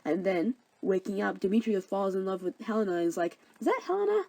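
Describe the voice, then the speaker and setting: A woman's voice: mid-range voice, fairly even intonation, a little fast, warm tone, no echo, rough recording. A young woman narrating a comedic story summary in a chatty, sarcastic, slangy way.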